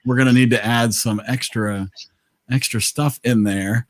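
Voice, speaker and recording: A man's voice: mid-range voice, steady tone, unhurried, no echo. A man hosting a casual online movie night, chatting with lots of fillers and laughs. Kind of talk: casual group chat.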